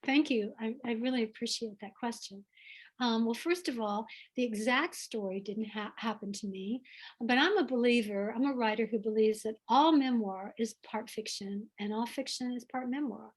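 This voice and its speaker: Earnest Southern woman author, higher voice. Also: breathy edge. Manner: earnest, heartfelt, unhurried. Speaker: author guest. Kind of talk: reflective conversation over video call. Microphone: video call.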